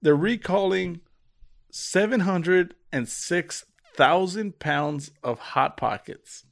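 A man's voice: sits high, slow, vocal fry. A young man co-hosting a podcast, joking and teasing in casual chat. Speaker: podcast co-host.

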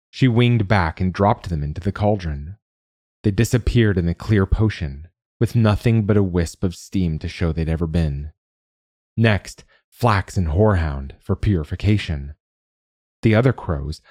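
A man reading a fantasy story aloud in a measured, deliberate way as a podcast narrator. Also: sits low, darkish tone, no room sound, studio quality. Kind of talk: scripted narration.

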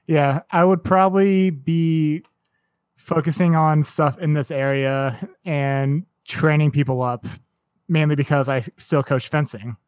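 A man's voice: a little high, steady tone, measured pace, smooth, no echo. A man in his late twenties chatting casually on a podcast, thinking aloud and swearing now and then. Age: 20s. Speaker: podcast co-host.

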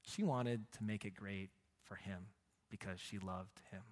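A man preaching a sermon as a pastor, telling stories with humor and swinging between loud, emphatic lines and hushed ones. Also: on the low side, steady tone, unhurried. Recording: long hall reverb.

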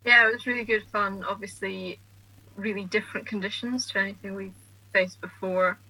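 A young Scottish woman, a guest cricketer, answering in an upbeat but even way. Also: mid-range voice, normal speed, poor audio. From Scotland. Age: young adult.

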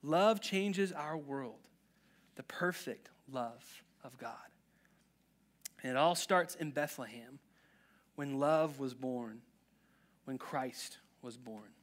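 A man preaching a casual sermon in a chatty, animated way, acting out quotes from stories. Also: mid-range voice, slow, long pauses. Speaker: pastor.

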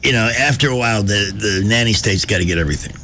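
A man's voice: on the low side, fast, pushed and bright, slight background noise. A man hosting a radio talk show in a wry, joking, conversational way. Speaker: fill-in radio talk host.

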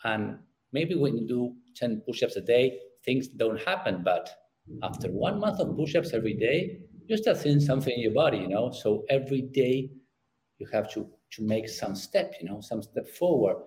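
Middle-aged guy w spanish accent, stumbles and repeats words, gets animated on stories. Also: medium pitch, moderate pace, poor audio. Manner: repeats words while searching for phrasing; animated when telling stories. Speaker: guest, youth sports parenting coach. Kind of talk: conversational interview.

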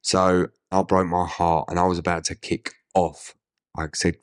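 A man's voice: low-pitched, expressive, a little slow, long pauses, dry recording, clean studio sound. A man in his thirties with an Essex accent, telling his story candidly in an interview, swearing and acting out conversations. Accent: Essex English. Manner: blunt, swears, acts out quoted dialogue. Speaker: interview guest.

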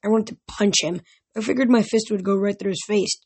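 A woman reading a novel aloud in steady audiobook narration. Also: mid-range voice, fast talker, breathy edge. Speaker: reader.

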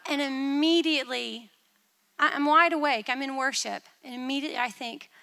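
A woman preaching a testimony in a church, telling a vision with animated, dramatic storytelling. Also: sits high, normal speed, gravelly, long reverb tail.

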